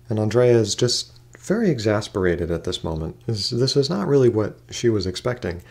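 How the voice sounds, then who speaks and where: A man's voice: lowish voice, moderate pace, a little mellow. A man narrating a role-play game casually as game master, in a loose, hesitant way. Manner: loose, hesitant, full of "kinda like".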